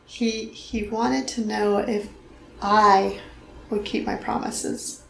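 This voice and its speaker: A woman's voice: medium pitch, fairly even intonation, takes it slowly, gravelly, roomy sound, poor audio. A middle-aged woman earnestly telling a personal faith story in conversation, acting out the voices she quotes. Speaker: guest telling her story.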